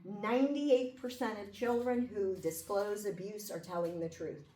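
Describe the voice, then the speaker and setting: Warm and mid-range, a woman's voice moves at a measured pace with a steady tone through a conversational classroom lecture, often checking in by asking "okay?" and "right?". Recorded in a lecture room, the sound is echoey and distant, with a faint hum.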